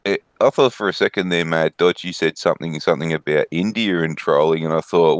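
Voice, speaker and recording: An Australian man with a low, deep voice trades crude jokes in casual voice chat. The sound is dry and close, with no room around it. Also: fairly quick, hardly any pauses, no echo. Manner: crude, joking, puts on silly voices.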